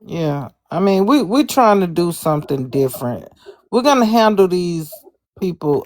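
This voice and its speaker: A woman's voice: on the low side, big pitch swings, normal speed, a little mellow, dry recording, studio quality. A woman speaking as a guest in a live audio chat, earnest and drawn out. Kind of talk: casual live-stream chat.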